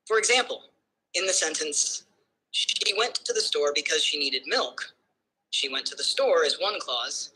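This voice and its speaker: A male-sounding AI voice assistant giving measured, smooth explanations. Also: on the high side, pushed and bright, rough recording. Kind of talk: explanatory answers.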